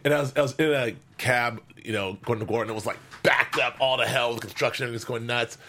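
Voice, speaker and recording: A man from Los Angeles co-hosting a casual chat about a TV show, telling stories in a rambling, animated way with lots of restarts. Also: medium pitch, quick pace. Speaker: co-host.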